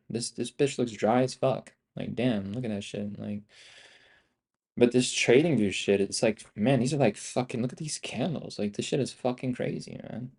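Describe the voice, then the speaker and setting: A man's voice: mid-range voice, darkish tone. A young man giving casual live-stream trading commentary, hyped and profane, full of slang and repetition as he talks to his viewers. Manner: hyped, profane, slangy, repeats himself, calls viewers "bro" and "guys". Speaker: day trader streaming live.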